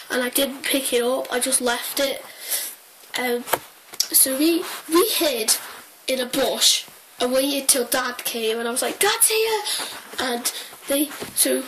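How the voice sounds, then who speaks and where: A young woman tells a story in a high, unhurried voice. She rambles excitably, piles on fillers and restarts her sentences. A faint hiss sits behind her. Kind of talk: casual storytelling.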